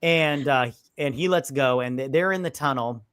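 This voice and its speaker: A man rambling loosely through a film plot, cursing freely and slipping into the characters' lines. He sounds close and dry, with no room around him. His voice sits at an ordinary middle pitch. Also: normal speed, fairly bright tone, smooth, no room sound. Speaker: movie review co-host. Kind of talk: casual live-stream chat.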